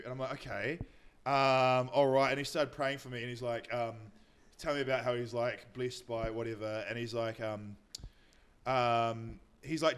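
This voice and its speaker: A man's voice: mid-range voice, steady tone, moderate pace, smooth. A young adult man with a New Zealand accent, a comedian guest telling rambling anecdotes on a casual podcast. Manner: rambling anecdotes with mocking quoted voices. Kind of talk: casual chat, storytelling.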